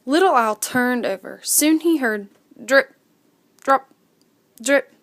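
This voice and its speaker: A woman reads a children's story aloud in an expressive, unhurried way and acts out the sound effects herself. Her voice is fairly high and moves widely in pitch, and she takes her time.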